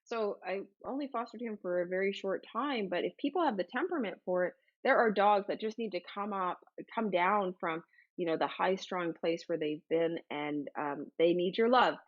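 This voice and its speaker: A livestream host with a medium-pitched voice speaks at normal speed over lo-fi sound. She's bubbly and casual, reading out viewer comments with lots of exclamations.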